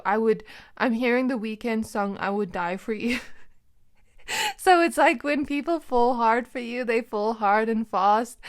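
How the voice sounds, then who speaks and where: Girl doing a casual tarot reading, kinda high voice, giggles a lot, says like constantly. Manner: chatty and giggly, laughing often, many "like" fillers. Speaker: tarot reader.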